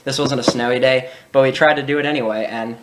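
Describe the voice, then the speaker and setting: Young male host, casual anecdotes, laughs easily, mid pitch. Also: fast, noisy background. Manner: animated, laughing, acts out quoted voices. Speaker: channel host. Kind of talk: casual storytelling.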